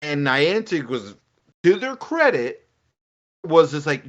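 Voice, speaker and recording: Guy hosting a gaming podcast, kinda high voice, rambly and animated, muffled audio. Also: slow pace. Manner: animated, rambling, acts out quotes. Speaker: podcast co-host. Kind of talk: casual gaming podcast chat. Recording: dull lo-fi audio.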